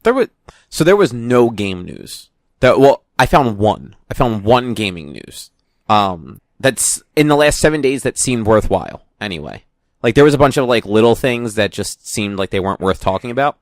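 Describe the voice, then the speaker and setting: A man's voice: fairly low pitch, sing-song, normal speed, no room sound. A young man hosting a casual podcast, rambling and correcting himself as he talks into a studio mic. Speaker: podcast host. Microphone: studio microphone.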